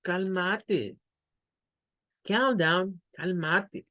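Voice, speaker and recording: Spanish-accented woman teaching english, slow and careful, says phrases over and over, dry sound. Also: fairly low pitch, fairly bright tone, no echo. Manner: slow, careful, repeats phrases for pronunciation drills. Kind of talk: online English class.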